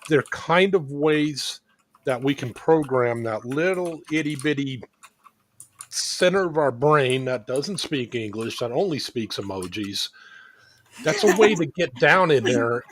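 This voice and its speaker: A man's voice: mid-range voice, expressive, a little slow, fairly bright tone. A man hosting a recovery chat, explaining ideas at length while he thinks aloud. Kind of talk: casual recovery group chat.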